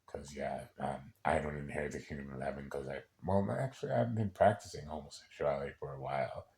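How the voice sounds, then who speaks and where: A man with an extremely deep, low voice talks in a loose personal monologue. He wanders from point to point, swears often and breaks off to restart his sentences. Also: creaky, a little mellow. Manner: rambling and profane, with many halting restarts.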